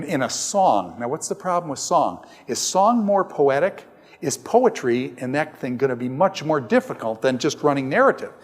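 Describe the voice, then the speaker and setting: A man's voice: on the high side, in a large hall. A man lecturing to a classroom, conversational, asking his students one question after another. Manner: asks the class frequent questions, conversational and animated. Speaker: professor lecturing on Bible translation.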